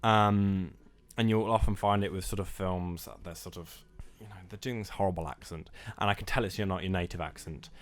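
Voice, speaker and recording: A man's voice: low-pitched, fairly even intonation, brisk. A young man co-hosting a casual film podcast, talking hesitantly with many fillers. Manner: hesitant, many ums and sort ofs. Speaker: podcast co-host.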